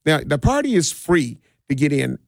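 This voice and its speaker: A middle-aged man who works as a DJ tells stories in a relaxed, rambling way during a casual interview, with frequent restarts and laughs. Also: fairly high pitch, normal speed, creaky, no room sound, studio quality. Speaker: DJ and community party organizer.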